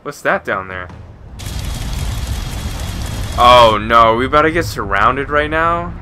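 A man giving let's play commentary with excitable shouts and frequent exclamations. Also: medium pitch, measured pace, a little hiss or hum. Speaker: gamer.

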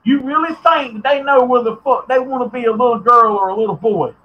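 A man's voice: very high-pitched, fast, lo-fi sound. A man hosting a podcast, ranting bluntly and profanely, getting heated at times. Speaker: podcast host. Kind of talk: ranting commentary.

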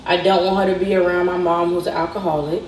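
In a distant, echoey clip shown within a reaction video, a young Southern woman tells a story with a little hiss or hum behind her. She talks fast in a flat, fairly low voice. Her delivery is conversational, and she retells the dialogue as storytime narration.

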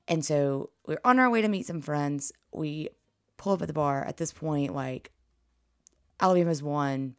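A woman recaps the game in a low, gravelly voice that is close to giving out. She tells her story excitably. The recording is dry and close. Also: moderate pace, dry recording. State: nearly losing her voice. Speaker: podcast host. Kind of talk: casual sports recap.

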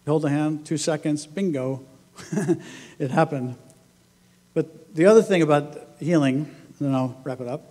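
A pastor delivering a sermon in a church, telling stories in a conversational way and acting out what people said. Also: male voice, fairly high pitch, measured pace, warm tone, big-room sound. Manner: conversational storytelling, acts out quoted voices, laughs often. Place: church sanctuary.

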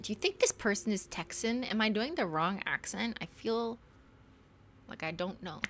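A woman's voice: mid-range voice, expressive, moderate pace, a bit bright, slight background noise. A young woman streaming a game live, playfully commenting and reading letters aloud, joking around and slipping into mock accents.

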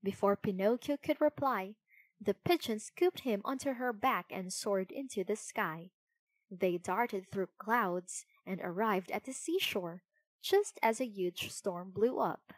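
A woman narrating a children's storybook in an expressive, unhurried way. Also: mid-range voice, no echo.

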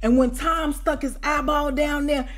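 A woman in her forties tells a storytime tale in a loose, chatty way. Her voice sits a little high, and she keeps checking in with her listeners through constant asides and plenty of slang. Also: unhurried. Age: 40s. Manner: animated, repeats "you know what I'm saying". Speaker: storyteller vlogger. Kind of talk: casual storytime.

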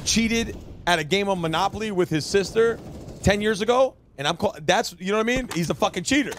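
A male streamer in live-stream banter, profane and mocking, yelling at his smart speaker. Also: high voice, a little fast, a little hiss or hum.

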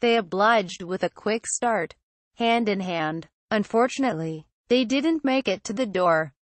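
A woman tells a scary story in the first person, keeping an even, steady reading pace. Her voice sits in a middle pitch. The recording is dry and close to the mic. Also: a little slow, no room sound. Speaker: narrator. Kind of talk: scripted horror story narration.

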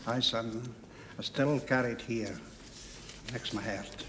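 An actor playing a gruff old soldier with a Scottish accent, speaking dryly. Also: male voice, medium pitch, background noise, lightly acted. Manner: gruff, slow and dry.

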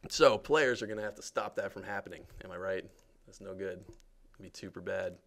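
Male game developer, deep gravelly voice, chatty, jokey live commentary. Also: fairly quick, a bit bright. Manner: chatty and jokey, many fillers. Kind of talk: casual live gameplay commentary.

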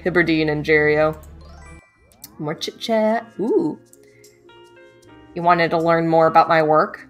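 A woman's voice: mid-range voice, a bit bright. A young woman streaming a game, chatting casually and playfully reading the on-screen choices aloud with little jokes.

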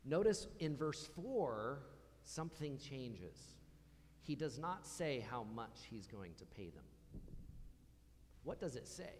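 A man's voice: medium pitch, very animated, takes it slowly, pauses often, darkish tone, slight background noise. Man preaching in a reverberant church hall. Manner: conversational, asks the congregation questions. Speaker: pastor. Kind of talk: sermon.

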